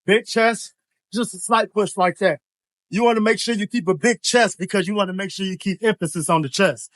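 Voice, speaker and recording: A young fitness coach talks through exercise form on a gym floor, his voice sitting high for a man. The sound is dry and close, with almost no room echo. He keeps it loose and slangy, tossing in tag questions as he demonstrates. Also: fairly quick, a bit bright. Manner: laid-back, slangy, peppered with tag questions. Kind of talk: casual workout instruction.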